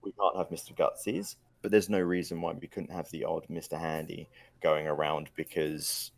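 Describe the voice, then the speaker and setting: Podcast guest: a low-voiced British man, steady and explanatory, recorded dry and close. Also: normal speed, creaky, no room sound. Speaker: mod team lead, podcast guest. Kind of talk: casual podcast interview.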